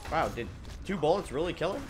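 Young dude laughing through a game playthrough, jokey, does silly voices, slightly higher voice. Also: male voice, very animated, fast, background noise. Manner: joking, laughs often, mimics characters. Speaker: gaming commentator. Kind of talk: casual let's-play commentary.

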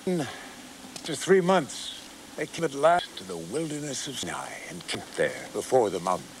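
Expressive man telling a scripture story. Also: medium pitch, unhurried, a little hiss or hum, low-quality recording. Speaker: narrator.

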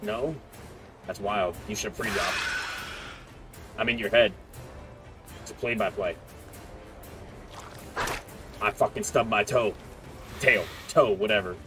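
Speaking slowly with long pauses, a man whose voice is fairly low yet fairly bright trash-talks the other players as he streams. His casual commentary teases opponents while game music runs underneath.

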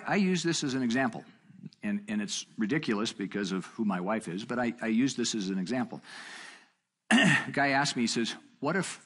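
A middle-aged man teaching a marriage seminar in a conversational way, telling a story with quoted dialogue and jumping up in pitch for emphasis. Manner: animated, jumps up in pitch for emphasis.

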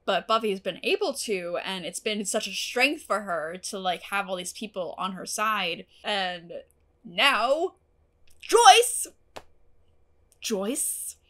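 A young woman rambles through a casual review of a TV episode she loves. Her voice sits at an ordinary middle pitch for a woman. She gushes and swears freely and says "like" constantly. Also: normal speed, few pauses, sharp tone. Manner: gushing and emotional, swears, many "like" fillers.

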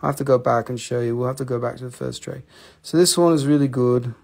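A man's voice: medium pitch, fairly even intonation, fast, gravelly, a little mellow. A man hosting a live-stream rock and mineral sale, talking casually into a handheld phone, joking, teasing viewers and swearing freely.

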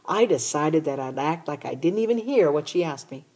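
A woman reading a children's novel aloud in a steady first-person narration. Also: low voice, moderate pace, husky. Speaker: audiobook reader. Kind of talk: storybook narration.

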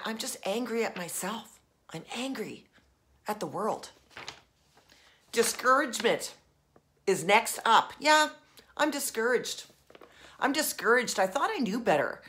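Bright-voiced woman life coach acting out emotions. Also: mid-range voice. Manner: expressive, swings from soft whispers to raging.

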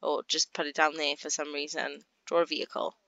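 A woman giving casual gameplay commentary, chatting along and voicing her characters in quick asides. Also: low voice, little pitch movement, vocal fry, fairly bright tone, muffled recording. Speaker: gaming YouTuber.

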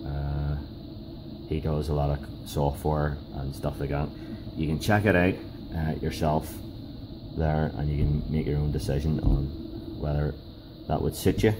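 A man giving a casual hands-on workshop demonstration, talking in a halting way with many fillers and restarts. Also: very deep voice, noisy background. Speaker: DIY car repair video host.

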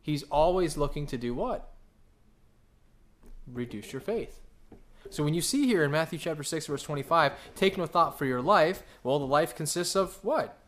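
A man preaching a sermon, animated and full of questions he answers himself, sometimes acting out voices. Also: normal speed. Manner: animated, acts out quoted voices with big pitch jumps; asks the congregation questions and answers them. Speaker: pastor.

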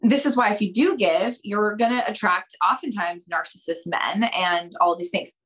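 A young adult woman on a podcast, giving dating advice in an animated, expressive way and acting out quoted conversations. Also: medium pitch, normal speed. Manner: expressive, acts out quoted dialogue, addresses listeners as girls. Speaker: podcast guest, dating coach.

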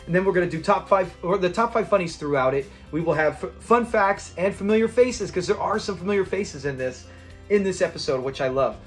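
A man's voice: high-pitched, animated, a little fast, faint music behind. A man hosting a casual episode review, chatty and rambling, laughing as he retells scenes. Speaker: channel host reviewing a sitcom episode.

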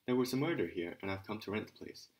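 A wary older laborer, grumbling and complaining, as a man reads him. He sounds raised and a little heated over a low-voiced narrator's base in an audiobook reading. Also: animated, quick pace, a little mellow. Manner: muttering, complaining.

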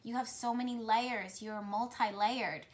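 A woman's voice: a little high, steady tone, measured pace. A woman speaking directly to her viewers as a spiritual reader, talking in a flowing, repetitive, earnest way. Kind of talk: intuitive message talk to camera.

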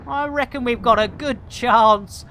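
A woman talks her way through a live game session in an unhurried, drawn-out manner, her voice bright and forward. She keeps up a jokey running patter of slang and small asides. A faint hum sits underneath. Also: a little high. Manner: chatty, jokey, full of playful slang and muttered asides. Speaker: game streamer. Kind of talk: live gameplay commentary.

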